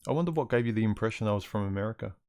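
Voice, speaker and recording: A man's voice: fairly low pitch, lively intonation, racing, darkish tone, clean tone. An Australian man hosting a livestream Q&A, reading viewer questions aloud and musing over his answers, often repeating words as he restarts.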